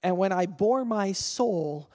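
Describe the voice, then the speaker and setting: A man with a fairly high voice preaches a sermon in a conversational way, often turning questions to his congregation. His voice rings through a church hall with a long reverb tail. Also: animated, slow pace, a little mellow. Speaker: pastor. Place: church sanctuary.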